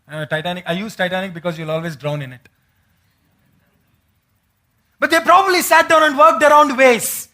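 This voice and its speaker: A man's voice: sits high, normal speed, long pauses, pushed and bright. A man preaching a sermon as pastor in a church, asking the congregation questions and acting out the words of biblical figures.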